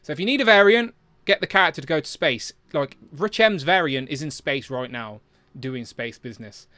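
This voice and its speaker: A man's voice: fairly high pitch, fairly quick, sharp tone, dry recording. A man hosting a casual live chat about toys, reading viewer comments aloud. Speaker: livestream host.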